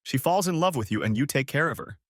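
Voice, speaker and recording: Man reading a calm pipe-smoking older friend for an audiobook, deep and measured, pitch moves a lot, dry close sound. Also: no echo, natural voice. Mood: probing. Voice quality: deep bass. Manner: calm, measured, non-judgmental.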